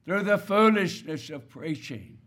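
A man's voice: high-pitched, expressive, unhurried, a bit bright. A man preaching a sermon, stressing key words and asking his listeners rhetorical questions.

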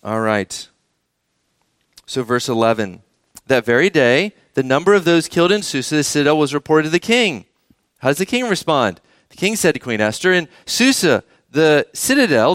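A pastor reads scripture aloud during his sermon and engages the children in the congregation by asking them questions. His voice is fairly high with a fairly bright, clean tone, captured as clean studio sound with no echo.

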